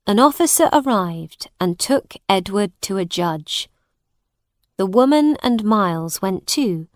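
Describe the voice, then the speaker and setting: A woman narrating a graded-reader audiobook with a very slow, clear reading. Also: medium pitch, lively intonation, no room sound, clean studio sound.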